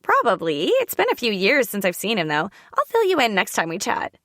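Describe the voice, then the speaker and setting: A woman's voice: mid-range voice, wildly swooping pitch, fairly quick, a bit bright, dry recording, clean studio sound. A woman narrator voicing a bubbly, teasing young woman friend on the phone in an audiobook. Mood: chatty. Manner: chatty, teasing.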